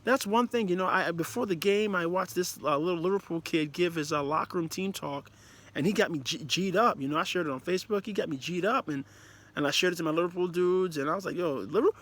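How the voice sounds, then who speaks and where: Man, casual football rant, emphatic, slightly high voice, lots of restarts. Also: fast. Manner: animated, emphatic, rambling with restarts. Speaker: football commentator; player and manager. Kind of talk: casual match review.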